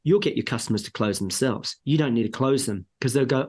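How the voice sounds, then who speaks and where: On a podcast interview, a male sales trainer coaches emphatically in a husky, mid-range voice. He talks fairly quickly with hardly any pauses, animatedly acting out lines a buyer might say.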